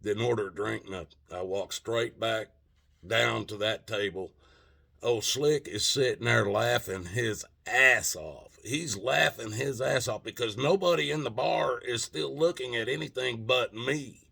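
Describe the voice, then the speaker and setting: Gravelly man telling a rambling story. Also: mid-range voice, unhurried, pushed and bright. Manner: rambling, profane, frequent restarts. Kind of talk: casual storytelling.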